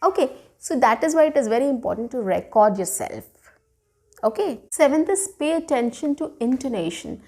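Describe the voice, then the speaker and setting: A woman's voice: high voice, moderate pace. A woman teaches spoken straight to camera. She smiles and talks expressively. She keeps checking in with "okay" and "you know.". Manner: frequent "okay" and "you know" fillers, demonstrates intonation with example sentences; smiling and expressive while speaking. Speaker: English teacher. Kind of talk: speaking lesson to camera.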